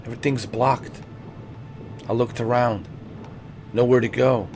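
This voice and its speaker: A man's voice: medium pitch, fairly even intonation, a little slow, vocal fry, darkish tone, slight background noise. A man streaming a video game, ranting in frustration, repeating himself, swearing and then apologizing to his viewers. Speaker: gaming streamer. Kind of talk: frustrated live gameplay commentary.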